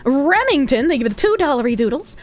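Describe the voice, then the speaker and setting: A young woman livestreaming casually, giggly and loud, swearing freely as she reads chat aloud. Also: high voice, sing-song, fairly quick, soft background music. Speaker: streamer.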